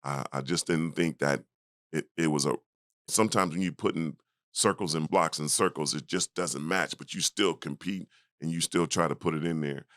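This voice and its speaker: A guest in his fifties who once played basketball tells a story from years ago at a moderate pace in a casual interview. His voice is extremely deep, except when he mimics other characters in brief, higher, more spirited bursts. The audio is close and dry, with no room sound.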